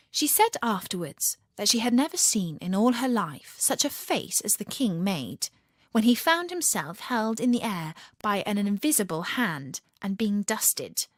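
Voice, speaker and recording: A woman reading a children's storybook aloud in an expressive, animated way. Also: medium pitch, no echo, studio quality.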